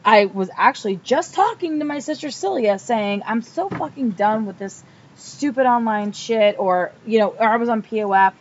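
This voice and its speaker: A woman's voice: on the high side, normal speed. A woman chatting on a podcast, blunt and candid, acting out every line of her stories. The audio is dull and lo-fi with a faint hiss underneath. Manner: candid storyteller, swears freely, acts out quotes. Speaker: podcast co-host. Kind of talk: casual chat.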